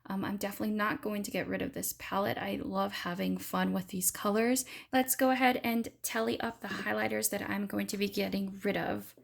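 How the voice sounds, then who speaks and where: A woman's voice: mid-range voice, level tone, fairly quick, vocal fry, hardly any pauses. A woman giving a chatty, enthusiastic beauty product review in a casual vlog. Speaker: beauty vlogger.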